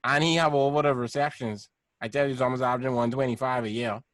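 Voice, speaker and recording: A man co-hosting a casual sports chat podcast, talking in loose slang and getting animated as he argues. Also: mid-range voice, fast talker, no echo. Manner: slangy, animated, laughs mid-sentence. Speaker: podcast co-host.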